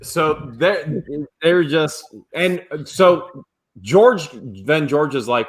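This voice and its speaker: A man's voice: on the high side, lively intonation, takes it slowly. A man in casual conversation as a show co-host, explaining his views at length in a rambling, opinionated way. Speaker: co-host of a live reseller show. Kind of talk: casual chat.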